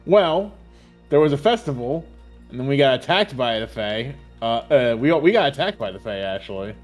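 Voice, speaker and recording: A man's voice: mid-range voice, animated, moderate pace, soft background music. A man playing a tabletop game, stammering and restarting his sentences often. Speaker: player. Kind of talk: casual tabletop play.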